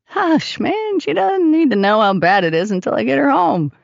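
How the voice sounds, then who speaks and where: A woman's voice: high voice, big pitch swings, normal speed, gravelly, no echo, highs cut off, pitched above the performer's own voice, exaggerated voice. Woman voicing a teasing wounded soldier. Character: joking wounded young male soldier.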